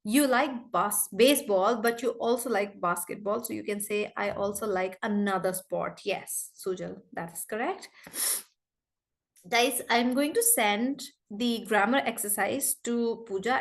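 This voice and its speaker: A woman teaching English grammar over a video call, chatty and apologetic, feeling unwell. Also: fairly high pitch. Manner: chatty, apologetic, repeats phrases. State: unwell, feverish. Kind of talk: online class teaching.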